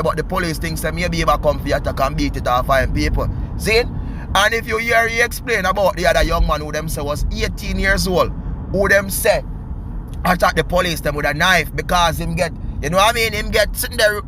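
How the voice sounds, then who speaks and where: A man's voice: high voice, fairly quick, background noise. A man with a Jamaican Patois accent, hosting a vlog and talking casually to his viewers, often repeating "people" and "see". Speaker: vlog host.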